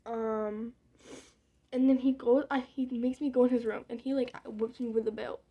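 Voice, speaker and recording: A woman's voice: fairly high pitch, steady tone, normal speed, lo-fi sound. A young woman telling a rambling, candid story in casual vlog style while doing her makeup, with muttered side remarks. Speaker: vlogger.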